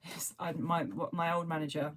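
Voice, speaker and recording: Speaking at a normal speed in a slightly low voice, this woman with a southern English accent hosts a crochet livestream. She's chatty and rambling, a self-described waffler who hops between thoughts while casually talking to her regular viewers.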